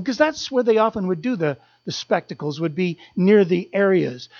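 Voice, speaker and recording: A preacher delivering a sermon with impassioned repetition, building up and falling to a hush. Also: medium pitch, muffled recording. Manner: impassioned, repetitive, swelling then dropping to a hush.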